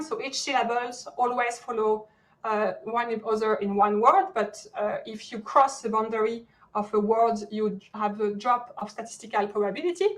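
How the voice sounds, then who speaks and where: A woman's voice: a little high, poor audio. A woman from France with a French accent, giving an academic lecture over a video call, often searching for words. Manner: many fillers and restarts, searching for words. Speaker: guest lecturer.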